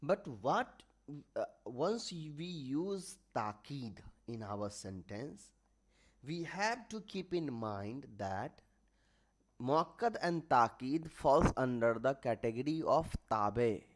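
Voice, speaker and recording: Slow, patient male grammar teacher. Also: medium pitch, sing-song. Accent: South Asian English. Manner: slow, explanatory, repeats terms for emphasis. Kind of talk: online grammar lecture.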